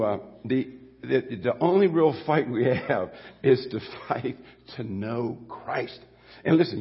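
Older guy preaching, husky and gravelly, rambly folksy sermon, dull lo-fi recording. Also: mid-range voice. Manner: folksy, rambling, with frequent restarts and asides. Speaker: pastor. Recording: dull lo-fi audio with long hall reverb.

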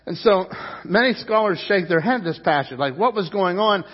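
A man's voice: high voice, lively intonation, normal speed, slightly rough, in a large hall, highs cut off. A man preaching a sermon as pastor, in a loose, conversational way that repeats words and asks the crowd questions.

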